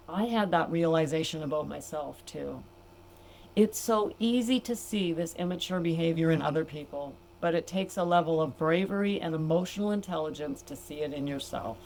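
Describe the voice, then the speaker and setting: A woman's voice: fairly low pitch, animated, normal speed, a little mellow, a little hiss or hum. An older woman, a grandmother, hosting a sobriety coaching podcast, chatting casually with her listeners, laughing often and calling them gals. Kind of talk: casual podcast monologue reading from a book.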